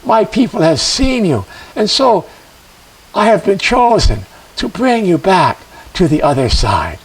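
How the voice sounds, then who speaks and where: A slow, solemn horned snake spirit from a told legend, voiced by a male storyteller. His voice is gravelly and husky, and it carries from a distance off the mic. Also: high voice, sing-song, heavily acted. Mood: solemn kind. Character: great horned river snake, kind and wise.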